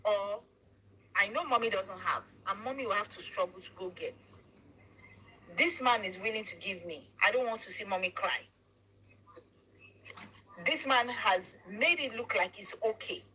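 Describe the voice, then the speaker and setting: A woman's voice: mid-range voice, normal speed, long pauses, pushed and bright, a little hiss or hum, low-quality recording. A woman hosting a casual talk show, speaking emphatically and preaching her point, slipping into Yoruba phrases. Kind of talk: casual commentary chat.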